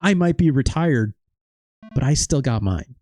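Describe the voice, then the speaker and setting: A man voicing a gruff, stern retired male wrestler mentor in a video game, read flatly from the dialogue boxes. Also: mid-range voice, measured pace, no room sound, lightly acted.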